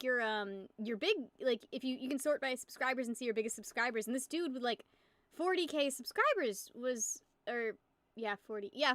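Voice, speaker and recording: Giggly high-voiced woman streamer. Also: a bit bright, dry recording. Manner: rambling, giggly, swears freely. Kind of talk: casual live-stream chat.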